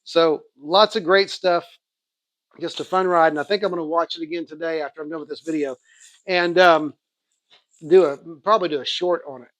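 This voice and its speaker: A man casually chatting through his comic book haul in a relaxed, rambling way, often correcting himself. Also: fairly high pitch, fairly quick, no room sound. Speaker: comic collector showing a haul. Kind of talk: casual unboxing chat.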